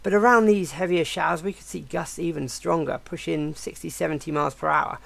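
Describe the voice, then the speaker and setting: Croaky man presenting the weather. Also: fairly high pitch, brisk, fairly bright tone, no room sound. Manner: hesitant, with frequent fillers and restarts. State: croaky voice from recovering flu. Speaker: weather forecaster. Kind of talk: casual weather forecast presentation.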